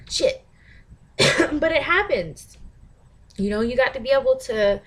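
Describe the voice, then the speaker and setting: A woman talking straight to camera in a casual vlog monologue. She is blunt and profane, laughs often, and breaks into shouted mimicry of other people. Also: mid-range voice. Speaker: vlogger.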